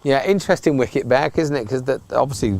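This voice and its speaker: A man's voice: medium pitch, quick pace, creaky, darkish tone, slight background noise. A man giving casual, joking live commentary on a local cricket match from the ground. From England. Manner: chatty, joking, wry asides.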